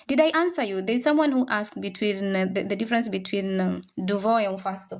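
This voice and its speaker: A woman's voice: medium pitch, fairly quick, hardly any pauses. A woman teaching a live online French class, patiently repeating each word to drill its pronunciation and mixing in English and some Swahili.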